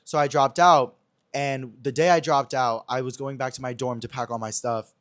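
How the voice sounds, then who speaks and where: A man's voice: medium pitch, fairly even intonation, normal speed, a bit bright, no room sound. A young man hosting a podcast, telling a personal story in a chatty, dramatic way full of slang and acted-out dialogue. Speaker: podcast host. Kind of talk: casual storytelling chat.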